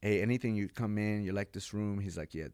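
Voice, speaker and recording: A man in his forties, a pastor from New York, telling his life story as a podcast guest in an animated, casual way with slang. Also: lowish voice, fairly quick, smooth, no echo, clean studio sound. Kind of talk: personal testimony in a podcast interview.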